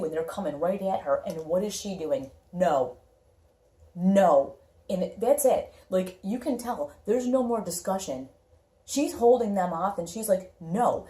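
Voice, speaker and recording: A woman's voice: on the low side, mellow, roomy sound. A woman giving a casual tarot reading, talking emphatically and acting out people's reactions. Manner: emphatic, talky, acts out quoted reactions. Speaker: tarot reader.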